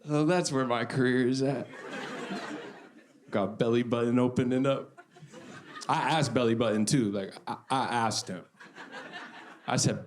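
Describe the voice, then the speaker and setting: A man doing a stand-up set on a club stage, deadpan and self-deprecating, repeating lines for effect. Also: mid-range voice, moderate pace, pauses often. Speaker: stand-up comedian. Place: comedy club stage before a live audience. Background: audience laughter.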